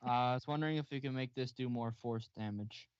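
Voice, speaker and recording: A man's voice: medium pitch, fast, clear, resonant tone, dry recording. A man playing a tabletop game, casual, joking and swearing. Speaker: player. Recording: dull lo-fi mic.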